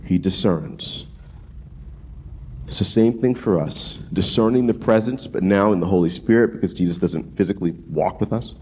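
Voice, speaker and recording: A man preaching a casual sermon, animated and slangy, acting out voices as he goes. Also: low voice, moderate pace, husky. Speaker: pastor.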